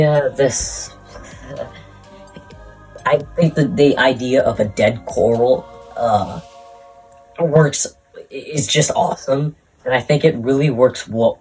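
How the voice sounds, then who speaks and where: A man's voice: mid-range voice, slow, long pauses, darkish tone, poor audio. A breathless man rambles through casual commentary in a middle voice, tossing out crude, mock-insulting asides. Faint music plays underneath. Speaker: YouTuber ranking Pokémon.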